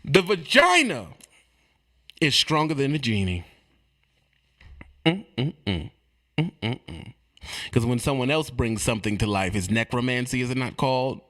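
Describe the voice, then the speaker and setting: A man delivering a streetwise comedic rant, animated and repetitive, swinging between loud and quiet. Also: mid-range voice, quick pace, hardly any pauses. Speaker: comedic ranting monologue.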